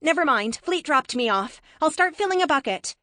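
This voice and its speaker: A woman voicing a quick, quippy young female superhero teammate. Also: sits high, lively intonation, pushed and bright, dry recording, clean studio sound, voice pushed up.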